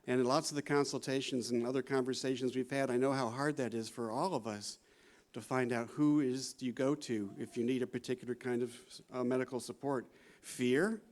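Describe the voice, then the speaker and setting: A man in his sixties gives a conversational conference talk as a psychology professor, often adding "you know" and "right?" and laughing. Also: mid-range voice. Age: 60s. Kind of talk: conference lecture.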